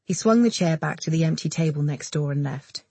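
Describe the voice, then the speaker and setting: Low, husky woman narrating. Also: a little fast, warm tone, no echo. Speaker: audiobook narrator. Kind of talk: scripted narration.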